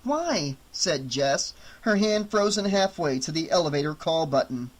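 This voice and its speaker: A man narrating an audiobook in a steady, even storytelling voice. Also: on the high side, moderate pace.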